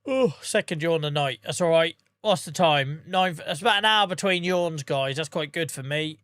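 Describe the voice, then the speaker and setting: A man chatting casually on a gaming livestream, calling viewers by name and humming little tunes between remarks. His voice is bright and forward, and it sounds dry and close. He sounds relaxed. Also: fairly high pitch, normal speed, dry recording. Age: adult with a day job. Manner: chatty, talks to viewers by name, hums to himself. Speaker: streamer.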